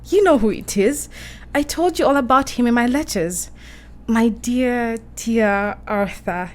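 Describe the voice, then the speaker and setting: A woman's voice: a little high, a little slow, natural voice. A woman playing a romantic, emotional young English woman in a radio play, talking in a breathless, girlish way. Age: young adult.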